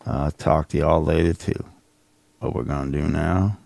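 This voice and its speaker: A man's voice: rumbling low, fairly even intonation, normal speed, creaky, darkish tone, no echo. A middle-aged man hosting a casual livestream, rambling and sarcastic as he mocks someone from his home office. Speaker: channel host.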